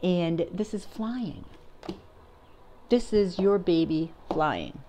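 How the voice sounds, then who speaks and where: A woman's voice: on the low side, animated, drawn-out words, mellow, a little hiss or hum. Chatty woman giving a tarot reading. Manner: chatty, encouraging, talks to herself and answers. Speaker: tarot reader. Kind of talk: casual spoken tarot reading.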